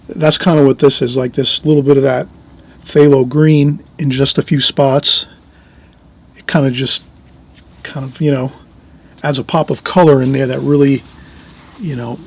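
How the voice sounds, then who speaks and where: A middle-aged man giving an easygoing oil painting lesson, talking while he works and often trailing off softly. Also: medium pitch, creaky, slightly rough. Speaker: painting instructor. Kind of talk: relaxed painting tutorial.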